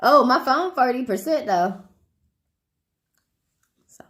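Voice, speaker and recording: A woman with a Southern twang chatting loosely with her livestream viewers. Her voice sits a little high and swings up and down with a lot of life. She curses freely and laughs often. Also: lively intonation, takes it slowly, a bit bright. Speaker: tarot reader hosting a livestream. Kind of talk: casual livestream chat.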